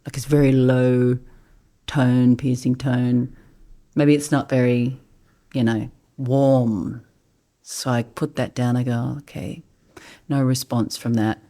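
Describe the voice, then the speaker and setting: A woman with a strikingly deep, low voice recalls an experience for a podcast in a soft, unhurried way. Her delivery stays hushed and often drifts into breathiness. She sounds middle-aged and reflective. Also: flat delivery. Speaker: podcast guest, vocalist. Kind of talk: reflective storytelling.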